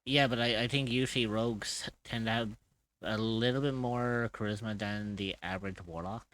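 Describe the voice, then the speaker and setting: A man's voice: lowish voice, fairly even intonation, moderate pace, a bit bright. A man streaming while drawing, chatting casually, swearing freely and laughing often.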